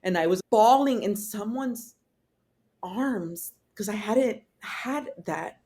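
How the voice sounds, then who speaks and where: A woman's voice: medium pitch, slow, long pauses, mellow. A woman guest on a podcast telling a personal story in blunt, casual speech, swearing freely and rambling with fillers. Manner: rambling with fillers, acting out quotes.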